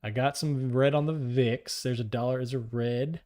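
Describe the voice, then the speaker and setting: A man's voice: mid-range voice, fairly even intonation, normal speed, a little mellow. A man on a live trading stream, calling out prices, coaxing the market and joking with chat. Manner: talks to the market and reads chat aloud, joking and upbeat.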